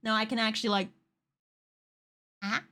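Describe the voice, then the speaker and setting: Bright, bubbly young woman streamer. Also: on the high side, normal speed. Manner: excitable, swears a lot, laughs often. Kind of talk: casual livestream chat.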